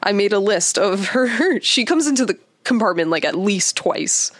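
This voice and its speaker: A woman hosting a casual book discussion, talking in an animated way and laughing often. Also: mid-range voice, moderate pace, no echo, studio quality. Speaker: podcast host.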